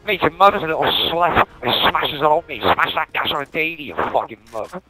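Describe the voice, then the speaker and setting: A man from Wales in angry in-game voice chat, shouting threats and swearing heavily. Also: a little high, animated, fairly quick, music in the background, poor audio. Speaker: online gamer.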